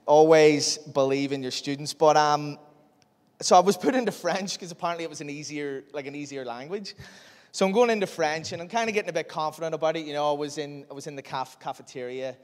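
Young male speaker, chatty and jokey, a bit high-voiced, recorded in a reverberant hall. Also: a little fast. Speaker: youth speaker. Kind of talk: storytelling talk to a young audience. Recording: echoey hall with long reverb.

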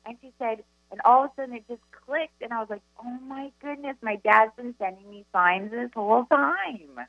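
A woman co-hosting a live spiritual talk radio show as a medium, chatty and animated as she tells stories. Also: a little high, vocal fry, no echo, highs cut off, soft background music. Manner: chatty, animated storyteller, quick asides. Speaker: psychic medium co-host.

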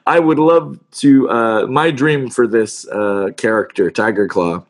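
A middle-aged man, a voice actor, telling stories in a casual interview in an animated, self-deprecating way and acting out the lines he quotes. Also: medium pitch, a little slow. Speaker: voice actor guest.

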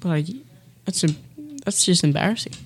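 A man's voice: on the high side, moderate pace. An Australian man co-hosting a casual sports podcast, blunt and emphatic with his opinions. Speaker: podcast co-host.

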